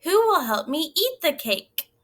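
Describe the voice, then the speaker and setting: A woman's voice: high-pitched, sing-song, a little slow, a bit bright, pitched above the performer's own voice, full character voice. Woman reading as a patient little hen. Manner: storybook read-aloud voice, slightly raised. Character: hard-working little female hen, patient.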